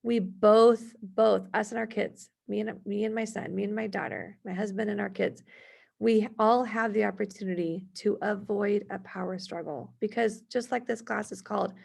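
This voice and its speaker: A woman's voice: medium pitch, fairly even intonation, normal speed, vocal fry, darkish tone, breathy edge. A woman in her thirties presenting a parenting workshop, chatty and telling family stories between her examples. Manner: chatty, storytelling, gives worded examples.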